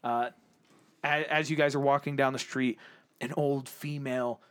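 A man's voice: medium pitch, flat delivery, normal speed, clear, resonant tone. Easygoing man narrating a tabletop game. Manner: easygoing, hesitant, many uhs. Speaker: game master. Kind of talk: casual chat and tabletop narration.

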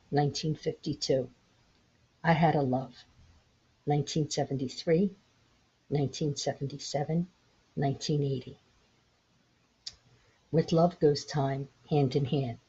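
A woman in her sixties hosting her own podcast, gently telling a parable in an unhurried, reflective way. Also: low-pitched, fairly even intonation, husky. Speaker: podcast host. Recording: dull lo-fi home recording.

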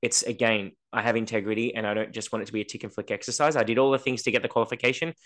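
A man's voice: fairly low pitch, fairly even intonation, rapid-fire, a bit bright. A man co-hosting a podcast in casual chat, telling stories and acting out the voices of the people he quotes. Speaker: podcast co-host.

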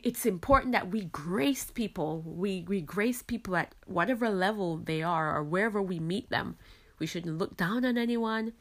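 Woman podcast host, Caribbean-raised, faith talk, earnest and reflective, middle pitch. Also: fairly bright tone. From Caribbean islands. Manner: earnest, reflective, frequent "you know".

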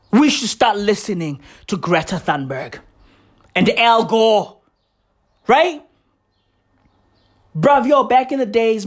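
A woman comedian doing a profane stand-up rant with exaggerated outbursts and shouting. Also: high-pitched.

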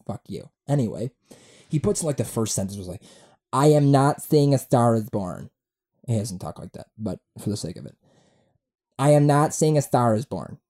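Male, 20s, comedy podcast host; deep mellow tone, animated delivery, profane rambling rants. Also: husky. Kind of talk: solo comedy podcast rant. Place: room at home.

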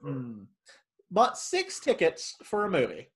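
A man's voice: a little high, takes it slowly. A man who works at a movie theater, telling stories in a casual chat and acting out the quotes. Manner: animated storyteller who acts out quotes.

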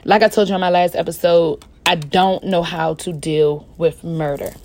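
A woman hosting a podcast, talking in an impassioned, casual monologue that swings between a low, quiet voice and a raised one, addressing her listeners as y'all. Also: moderate pace, few pauses. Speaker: podcast host.

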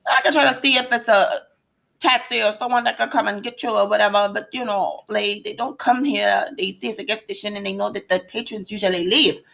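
A woman's voice: mid-range voice, fairly even intonation, fairly quick, gravelly, fairly bright tone. A woman voicing an easygoing Jamaican woman working at a gas station, with a put-on Jamaican accent. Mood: matter-of-fact.

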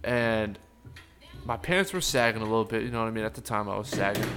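Young guy telling a crazy story on a podcast, swears a lot, acts out the quotes, some soft music in the back. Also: lowish voice, fast. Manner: animated, profane storytelling with acted-out quotes. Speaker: podcast co-host. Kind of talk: casual storytelling chat.

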